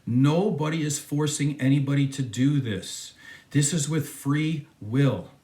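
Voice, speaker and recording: A man's voice: on the high side, measured pace, mellow, echoey room. A man hosting a reaction video, talking in a casual, emphatic and mocking way as he comments on a clip.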